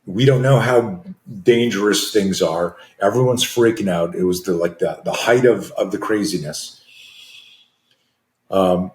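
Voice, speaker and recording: Low-voiced animated man in his sixties. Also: roomy sound. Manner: animated storyteller, acting out dialogue, frequent restarts. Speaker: guest, self-defense and fear management coach. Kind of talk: storytelling in a podcast interview.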